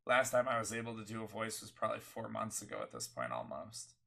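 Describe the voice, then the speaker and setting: Young guy, sick and hoarse, gravelly and bright, rambling casual co-host. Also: lowish voice, sing-song, fast talker. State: sick with a cough, voice worn. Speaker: streamer and podcast co-host. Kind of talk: casual chat.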